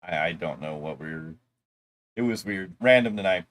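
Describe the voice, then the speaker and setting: A man's voice: deep voice, lively intonation, moderate pace, fairly bright tone. A man co-hosting a wrestling review show, recapping the episode in a rambling, casual way with loose asides.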